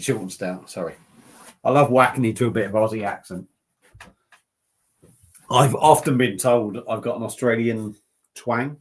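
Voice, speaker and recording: Rambling, jokey English bloke on a live stream. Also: male voice, mid-range voice, a little slow, pauses often. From southern England. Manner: rambling, jokey, laughs often. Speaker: beer review channel host. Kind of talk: casual live-stream chat.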